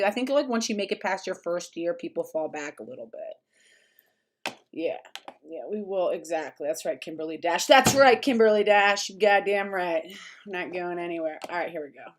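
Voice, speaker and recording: A woman's voice: on the low side, moderate pace, background noise. A woman hosting a casual livestream, talking bluntly and sarcastically with plenty of swearing and chatting with her viewers. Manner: chatty with live chat. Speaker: commentary streamer host.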